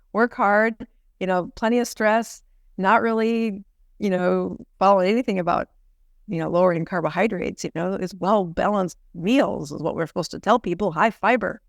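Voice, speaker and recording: An American physician guest, a middle-aged woman, earnestly tells a personal story, often restarting with "you know." Her medium-pitched voice is brisk and gravelly, captured in studio quality with no room sound.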